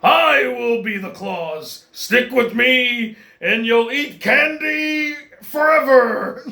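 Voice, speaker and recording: A man voicing a scheming boy who has become a villainous Santa, speaking in slow, drawn-out, sinister coaxing. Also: very high voice, creaky, sharp tone, reverberant, pitched above the performer's own voice, exaggerated voice.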